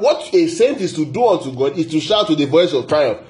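A man's voice: a little high, big pitch swings, brisk, few pauses, darkish tone. A man preaching a sermon as a pastor, emphatic and repetitive, often checking in with the congregation. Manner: repetitive, emphatic, asks the audience "yeah?". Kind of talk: sermon teaching.

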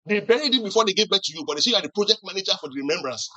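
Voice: medium pitch, animated, racing, bright, forceful tone, highs cut off. A pastor preaching a sermon who keeps asking the congregation questions to answer back and teases them with acted-out examples. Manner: teasing humor with acted-out examples.

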